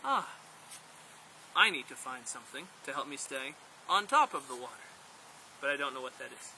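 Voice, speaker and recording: A man's voice: medium pitch, moderate pace, slight background noise, heavily acted, low-quality recording. A man voicing a naive, eager first man full of childlike wonder, told as a story. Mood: puzzled. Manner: excited, puzzled, childlike wonder.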